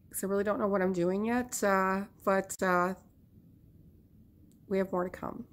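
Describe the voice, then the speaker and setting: A middle-aged woman talking casually to her viewers as a beauty vlogger, upbeat and chatty with lots of ums and likes. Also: medium pitch. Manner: chatty, upbeat, many fillers. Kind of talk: casual vlog chat.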